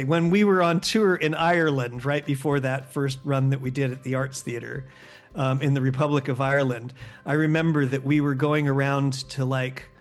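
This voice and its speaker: A man from the United States telling a comedy podcast a lively anecdote and acting out the people in it. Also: medium pitch. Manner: animated storyteller acting out quotes. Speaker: guest actor. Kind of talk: casual anecdote.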